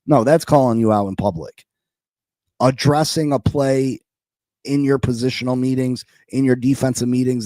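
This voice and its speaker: A man rants on a sports podcast and repeats his points in disbelief. His voice is dark and mellow. The sound is dry, with no room echo, and he keeps up a heated, incredulous edge. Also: medium pitch, normal speed. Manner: animated, incredulous, repeats lines for emphasis.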